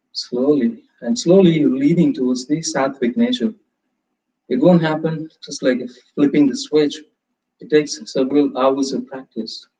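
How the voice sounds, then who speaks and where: A man leading a live yoga class, giving calm, slow, step-by-step cues with prompts to breathe. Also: mid-range voice, a little hiss or hum. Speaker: yoga instructor. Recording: roomy, distant, slightly dull sound.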